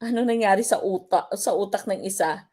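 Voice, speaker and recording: A woman's voice: medium pitch, fast, dark tone. Filipino woman giving a live exam review. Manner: mixes English and Tagalog, reads out viewer comments, drills stress patterns.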